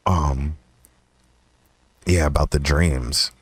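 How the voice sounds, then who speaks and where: A very deep-voiced young man tells a personal story on his own podcast, rambling and swearing freely. He laughs often and pops up into higher voices when he quotes himself. The sound is close and dry, with no room echo. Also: fairly even intonation, very slow, slightly rough. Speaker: podcast host. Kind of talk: casual storytelling monologue.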